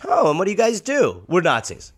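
A man's voice: sits high, huge pitch swings, brisk, husky. Sarcastic male podcast co-host. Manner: sarcastic quips, mock-naive questions. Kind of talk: comedic podcast banter.

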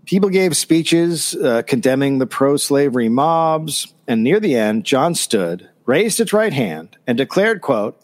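A man's voice: mid-range voice, sing-song, unhurried, hardly any pauses, darkish tone. A man co-hosting a comedy history podcast, reading from notes and adding dry, sarcastic asides. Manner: reads notes, then riffs with dry sarcasm.

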